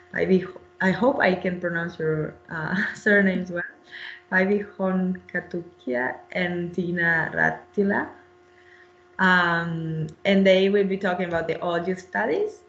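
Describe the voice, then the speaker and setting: A woman's voice: lowish voice, reverberant, muffled recording. A woman researcher presenting in a webinar, speaking hesitantly with many fillers and restarts.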